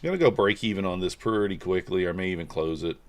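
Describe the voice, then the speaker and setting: A man casually talking through his own trades on a live stream, low-key and muttering his thoughts aloud. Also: fast talker. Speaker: livestream futures trader.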